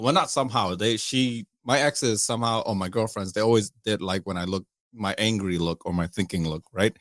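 A man's voice: on the low side, fairly bright tone, no echo, clean studio sound. A man telling a crude story in casual group chat, swearing and laughing often.

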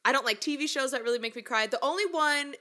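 A young woman with a high voice tells a story quickly in casual conversation, animated and laughing often while acting out what people said.

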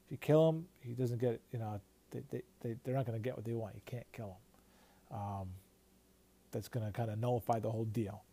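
A man with a mellow, warm voice hosts a podcast in a loose commentary style. His pitch sits in an ordinary middle range. He talks freely, swears often and restarts his sentences. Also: steady tone, fairly quick. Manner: loose and profane, with many restarts. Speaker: podcast host. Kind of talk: casual commentary.

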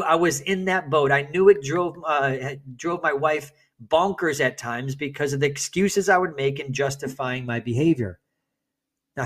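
A man's voice: fairly high pitch, fairly bright tone. A man giving an earnest motivational talk to other men, speaking emphatically and sometimes restarting his phrases.

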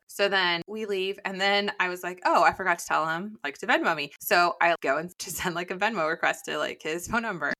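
A young woman in casual conversation, recounting her dating stories in a rambling, filler-heavy way. Her voice is bright and forward, pitched slightly low for a woman. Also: a little fast, few pauses. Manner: chatty storytelling with constant fillers. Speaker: guest telling dating stories. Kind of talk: casual chat.

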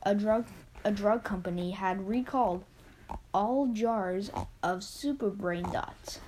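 A woman's voice: medium pitch, takes it slowly, darkish tone, a little hiss or hum, lightly acted, low-quality recording. Woman plays English-accented newswoman, formal announcer read. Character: female TV news reporter.

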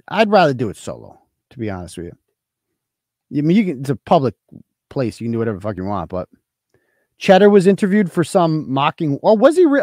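A man's voice: a little high, a little mellow, dry recording, studio quality. A man in his forties from Massachusetts, hosting a casual livestream, reading chat and ranting with lots of swearing and sarcasm. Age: 40s. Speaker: host.

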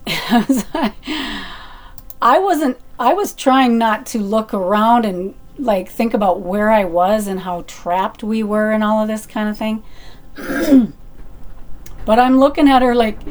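A middle-aged woman telling a personal story in a chatty, animated way, with fillers and restarts. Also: a little high, unhurried.

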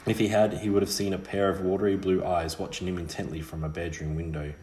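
A man reading a novel aloud in a measured, steady way, with small slips. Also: sits low, reverberant. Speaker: narrator. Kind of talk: audiobook reading.

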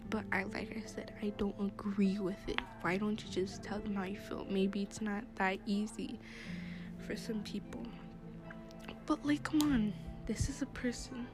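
A woman's voice: medium pitch, little pitch movement, moderate pace. A young woman hosting her own podcast in casual, rambling chat, with plenty of fillers and laughs, recorded while she sits in a classroom. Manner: chatty, rambling, laughs often, many fillers. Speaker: podcast host. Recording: music behind the voice.

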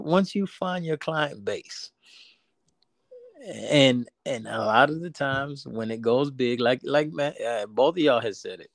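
A man's voice: mid-range voice, no room sound, studio quality. A man, chatting on a podcast and telling a rambling story with many restarts. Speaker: podcast co-host. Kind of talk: casual podcast chat.

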